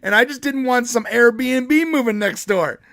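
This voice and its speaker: A man's voice: very high voice, measured pace, gravelly, a bit bright, no room sound. A man co-hosting a podcast, telling a long rambling neighborhood story in casual chat, with frequent restarts and laughs. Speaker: podcast co-host.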